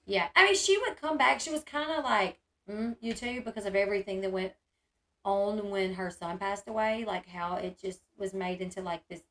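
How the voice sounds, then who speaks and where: A woman's voice: medium pitch, a bit bright. A woman, chatting casually on a livestream and reading her chat aloud, with lots of "like" and "um". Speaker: streamer.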